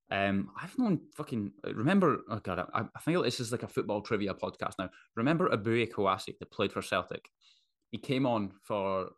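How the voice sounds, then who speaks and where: A man's voice: fairly low pitch, fairly bright tone. A man hosting a solo podcast, talking bluntly and casually with plenty of swearing. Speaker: podcast host.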